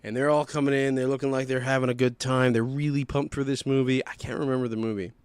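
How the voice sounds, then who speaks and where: A young man hosting a podcast, telling a rambling, profane story in a casual, animated way. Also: medium pitch, fast talker, smooth, no room sound. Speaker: podcast host.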